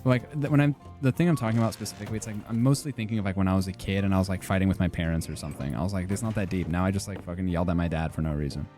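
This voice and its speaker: Young male streamer, low soft tone, rambling filler-heavy chat, light music underneath. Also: steady tone, very fast, hardly any pauses. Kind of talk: casual gaming stream chat.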